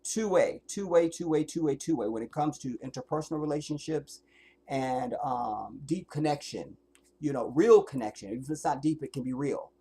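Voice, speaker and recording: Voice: medium pitch, normal speed, warm tone, slightly rough. A livestreamer ranting bluntly and profanely to viewers, preaching about life and relationships. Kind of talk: livestream rant.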